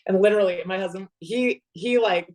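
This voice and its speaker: A woman in her forties chatting as a podcast guest, rambling and animated, with sudden excited bursts. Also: medium pitch, brisk, rough recording. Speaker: podcast guest, actor and producer. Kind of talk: casual interview chat.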